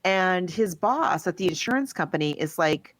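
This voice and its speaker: Low-voiced woman retelling a film. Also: lively intonation, normal speed, no echo. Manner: rambling storyteller who acts out quotes. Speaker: podcast co-host. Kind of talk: casual chat, retelling a film plot.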